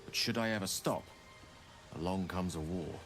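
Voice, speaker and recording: An actor playing a measured, formal male wizard with courteous, precise diction in a video game. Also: low-pitched, lightly acted. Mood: grave. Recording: game audio over soft music.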